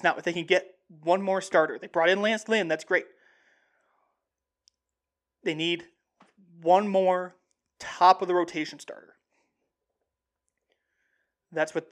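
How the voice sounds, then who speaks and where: A young man hosting a sports show, talking casually and excitedly in a rambling way with many restarts. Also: high-pitched. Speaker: sports podcast host. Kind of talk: casual sports talk monologue.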